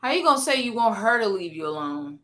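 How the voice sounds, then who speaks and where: A woman's voice: medium pitch, big pitch swings, quick pace, bright, forceful tone. A woman YouTuber commenting on clips she plays, incredulous and sarcastic, repeating her points for emphasis.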